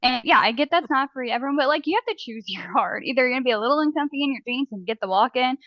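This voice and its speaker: A chatty woman with a fairly high voice co-hosts a casual podcast, quick to laugh and relatable. Her recording sounds dry and a little dull. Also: expressive, no room sound.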